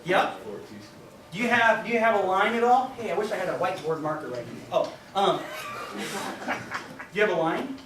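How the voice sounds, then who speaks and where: High-voiced band director, echoey room. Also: male voice, moderate pace, long pauses, far from the mic, background noise. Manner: sings rhythms on syllables, counts off. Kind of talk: band rehearsal instruction. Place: large band rehearsal room. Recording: echoey rehearsal room from afar with band music. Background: band playing.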